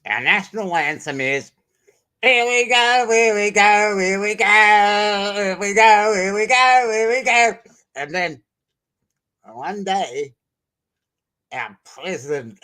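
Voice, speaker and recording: A high, bright, rowdy Brussels sprout. He is simple-minded and drawls slowly, like a football hooligan in an improvised comedy bit. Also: lively intonation, full character voice.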